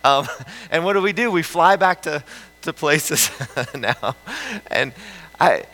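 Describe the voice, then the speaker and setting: Bright-voiced man preaching casually. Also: on the high side, slow pace, rough recording. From central United States. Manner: animated storytelling with frequent restarts and laughs. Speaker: pastor. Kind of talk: conversational sermon.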